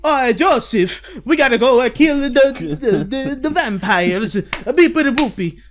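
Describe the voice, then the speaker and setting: A man's voice: animated, moderate pace. A man putting on an exaggerated Italian accent to parody a young Italian man in a comic bit. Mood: hammy. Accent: put-on Italian. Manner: high, loud, comic parody. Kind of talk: comic impression in casual chat.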